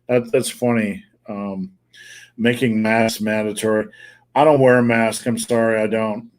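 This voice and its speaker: A man's voice: lowish voice, steady tone, measured pace. Blunt middle-aged man with faint Wisconsin accent. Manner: blunt, profane, jokey. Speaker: podcast host answering viewer questions. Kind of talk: live podcast chat. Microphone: remote call.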